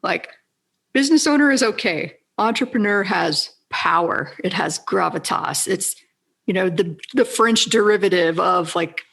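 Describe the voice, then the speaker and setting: Gravelly American woman podcast host. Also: lowish voice, unhurried, a bit bright. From United States. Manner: bubbly, enthusiastic. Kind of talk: casual interview chat.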